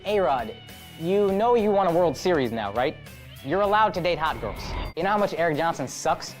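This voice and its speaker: A woman tells roast jokes in a flat, deadpan way. Her voice sits on the low side. Music plays clearly underneath. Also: moderate pace.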